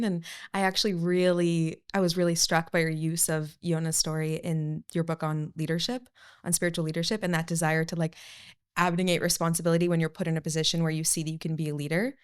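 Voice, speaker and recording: Smooth-voiced woman podcast host. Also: fairly low pitch, level tone, quick pace. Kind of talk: interview questions.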